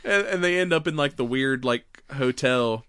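Bright-voiced man recapping a movie. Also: mid-range voice, normal speed, clear, resonant tone, no echo, clean studio sound. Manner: animated retelling, acts out character lines, laughs often. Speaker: podcast co-host. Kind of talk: casual movie recap chat.

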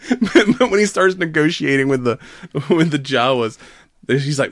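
A man chatting casually on a podcast, animated and laughing often as he acts out quotes. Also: medium pitch, fairly quick, dry recording, studio quality. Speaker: podcast co-host. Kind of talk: casual chat.

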